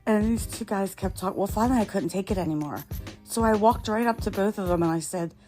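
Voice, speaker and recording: A woman telling funny stories of her own on her podcast, in a chatty, animated way. She laughs a lot, and her voice jumps up high whenever she gets excited. Faint music sits low behind her. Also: quick pace. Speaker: podcast host. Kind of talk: casual storytelling monologue.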